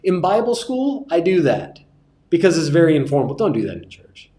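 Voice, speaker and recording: Joking preaching teacher, echoey room. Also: male voice, a little high, moderate pace. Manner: relaxed, joking, repeats key phrases. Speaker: preaching instructor. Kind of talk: teaching a class on sermon delivery.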